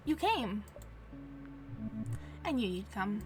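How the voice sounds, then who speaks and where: A woman's voice: mid-range voice, very animated, slow pace, over music. Woman doing an eager, goofy ghost dog. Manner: eager, innocent, chatty. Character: cheerful simple-minded male ghost dog.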